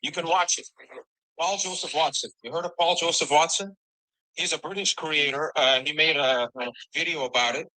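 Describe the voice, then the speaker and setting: A man's voice: on the high side, normal speed, pushed and bright, low-quality recording. A man from Florida arguing defensively as a guest in a heated online debate. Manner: defensive, argumentative.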